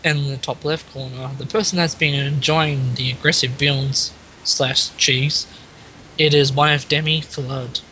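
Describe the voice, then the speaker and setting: A man's voice: medium pitch, steady tone, measured pace, pushed and bright, low-quality recording. A man co-casting a live video game match with short, plain remarks. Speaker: esports co-caster. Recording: faint hiss.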